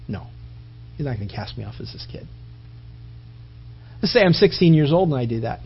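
A man's voice: fairly high pitch, lively intonation, brisk, husky. A man preaching a sermon, telling stories animatedly and acting out voices and sound effects. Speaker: pastor. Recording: dull lo-fi recording.

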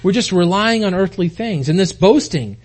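A man's voice: high-pitched, lively intonation, moderate pace, a little mellow. A man in his forties preaching a conversational sermon to a congregation in a church hall, folksy and full of rhetorical questions. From United States. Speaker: pastor.

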